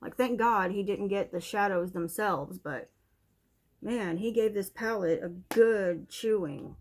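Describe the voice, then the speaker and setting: A young woman vlogs from a room at home with the TV on in the background, giving a casual, candid makeup review in an unhurried, mid-range voice. She sounds a little out of breath and breaks off now and then to scold her dog.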